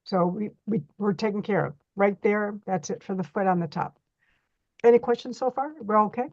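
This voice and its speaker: A middle-aged woman leads a hands-on reflexology class in a folksy, chatty way. Her voice sits at an ordinary middle pitch. The sound is dry and a little dull and muffled. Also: normal speed, a little mellow, no room sound. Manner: chatty, folksy, demonstrating on a model foot. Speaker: reflexology workshop instructor. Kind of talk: hands-on workshop teaching.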